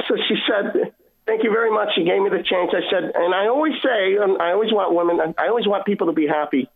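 A man earnestly telling a personal faith story as a caller, heard over a phone line. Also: fairly high pitch. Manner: earnest, emotional retelling with quoted dialogue. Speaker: caller sharing testimony. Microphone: phone call.

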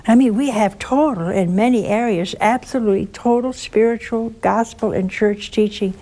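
A woman's voice: fairly high pitch, moderate pace, warm tone. A woman preaching an informal sermon full of stories, plain-spoken, sometimes dropping to a whisper for emphasis. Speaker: religious speaker.

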